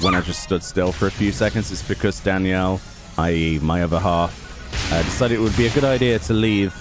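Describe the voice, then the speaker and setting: Sarcastic man talking over game music. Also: on the low side. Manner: sarcastic, grumbling asides. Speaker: gaming YouTuber. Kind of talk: casual let's play commentary. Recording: game music playing under the voice.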